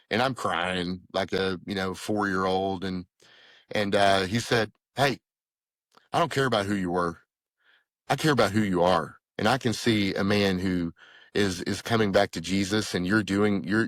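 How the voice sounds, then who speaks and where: A middle-aged man, telling his faith story earnestly as a podcast guest and acting out the dialogue he recalls. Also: no echo. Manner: earnest storytelling, acting out quoted dialogue with lively pitch jumps. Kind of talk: personal testimony in conversation.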